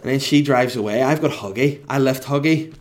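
A middle-aged man with a North Down accent from Northern Ireland, a podcast co-host telling a comic story in an animated, self-mocking way and swearing freely. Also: medium pitch, fairly quick. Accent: Northern Irish, North Down.

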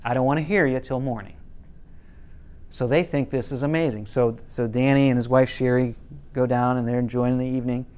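A middle-aged man teaching a parenting class casually tells a story, quoting parents and kids in lowered voices and restarting here and there. His smooth, darkish voice stays fairly even in intonation and runs a little fast.

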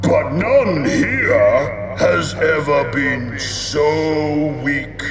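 A man's voice: a little high, animated, echoey room, crowd noise, pitched above the performer's own voice, exaggerated voice. A man voicing a sly, mocking male giant king who drags out his words. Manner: slow, drawn-out goading.

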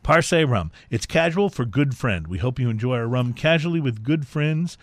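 A man hosting a radio show in a studio, chatting casually through a tasting with many fillers and pauses. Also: medium pitch, dry recording. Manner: animated, halting with many fillers. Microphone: studio microphone.

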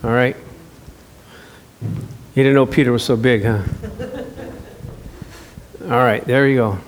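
A male pastor preaching, playful and animated, acting out scenes for his church. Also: mid-range voice, slow pace, a little hiss or hum. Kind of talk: sermon.

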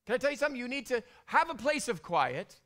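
A middle-aged man preaching a sermon, animated, dropping to hushed whispers and rising to loud bursts. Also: very high voice, quick pace. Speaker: pastor.

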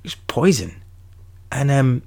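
A man's voice: mid-range voice, sing-song, slow pace, gravelly, mellow. A young man from London with a London accent, talking casually and at length on his podcast, rambling with many restarts and swearing freely. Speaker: podcast host. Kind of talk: casual solo podcast monologue.

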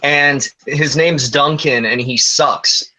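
A man's voice: fairly high pitch, fairly even intonation, takes it slowly, bright, forceful tone, poor audio. A man co-hosting a podcast, joking and cursing in casual banter. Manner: joking, profane, teasing. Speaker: podcast co-host.

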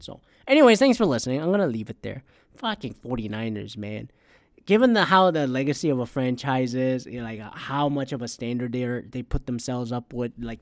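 A man's voice: mid-range voice, dry recording, clean studio sound. Profane, rambling man ranting solo. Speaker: podcast host. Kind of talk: casual solo podcast rant.

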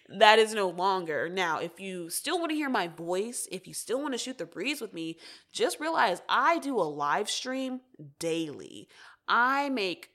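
A woman's voice: medium pitch, big pitch swings, measured pace, fairly bright tone. A young woman hosting her own podcast, talking candidly and casually, with frequent swearing. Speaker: podcast host. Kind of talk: casual solo podcast talk.

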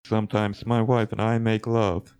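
A man's voice: lowish voice, little pitch movement, normal speed, a little mellow, smooth, faint music behind, lightly acted. A man voicing a pompous, boastful self-proclaimed astrophysicist who talks in a mock-serious way. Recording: hissy recording.

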